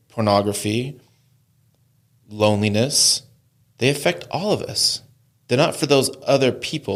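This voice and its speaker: A man's voice: lowish voice, gravelly. A man hosting as a recovery coach, asking long winding questions with frequent restarts. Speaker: recovery coach and podcast host. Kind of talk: conversational interview.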